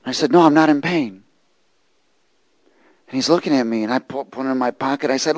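A man preaching a sermon, reading scripture and telling a lively personal story. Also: mid-range voice, brisk, pauses often, no room sound, low-quality recording. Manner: animated storytelling, rising to shouts and laughter.

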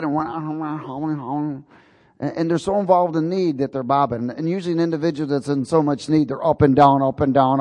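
A man's voice: a little high, a little mellow, long reverb tail. A man preaching a sermon, telling a personal story in a folksy, chuckling way.

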